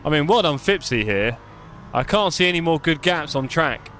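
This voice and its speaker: A man's voice: on the high side, lively intonation, normal speed, fairly bright tone, a little hiss or hum. A young man live-streaming sim racing, chatty and self-mocking, calling the race as he drives.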